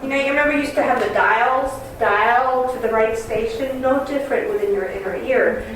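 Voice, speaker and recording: A woman channeling a kind, loving male cosmic being called Commander Ashtar. She teaches in a calm, earnest, reassuring way. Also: on the high side, fairly quick, lightly acted. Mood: instructive. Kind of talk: channeling session. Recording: very echoey room, distant mic, noisy.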